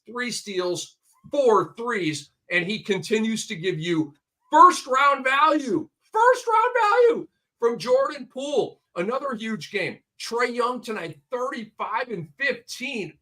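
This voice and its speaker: Man, co-host, sharp forceful voice, a bit high, excitable, reels off stats. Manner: excitable, rattles off stat lines. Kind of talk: casual fantasy basketball podcast chat.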